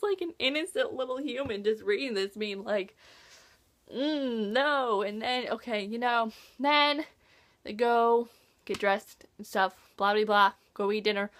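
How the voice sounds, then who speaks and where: A teenage girl chatting casually about a book she has read, gushing and chatty, with lots of "like" fillers and lively reactions. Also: high voice, normal speed. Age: teens. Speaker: book reviewer. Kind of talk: casual book review vlog.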